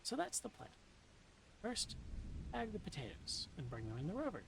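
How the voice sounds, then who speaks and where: A woman reading a novel aloud in a soft-spoken ASMR style, slipping into whispers now and then, with dry, deadpan humor. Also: on the low side, normal speed, vocal fry, noisy background. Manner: soft, dips into whispers at times.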